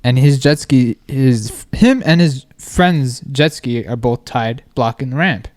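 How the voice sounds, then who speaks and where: A man telling a story on a podcast in casual chat, animated and constantly checking in with the listener. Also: mid-range voice, slow. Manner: animated storytelling, constant "you know what I mean".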